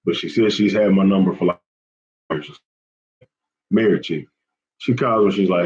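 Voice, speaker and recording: A man's voice: sits low, moderate pace, pauses often, darkish tone, muffled recording. A man hosting a fishing channel, chatting casually with viewers on a live stream. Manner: chatty, repetitive, often says man and y'all.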